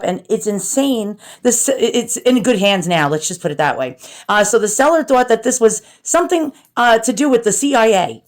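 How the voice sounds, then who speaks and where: A woman with a New York accent talks her viewers through an unboxing in a chatty, animated way. Her voice sits at a middle pitch and she speaks close to the mic. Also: moderate pace. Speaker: relic restorer and video host. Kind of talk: casual unboxing commentary.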